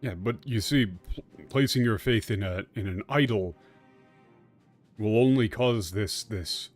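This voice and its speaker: Casting: male streamer, slow and stumbling live commentary with casual cursing, faint game music under the voice. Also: on the low side. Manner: halting, many restarts, casual swearing.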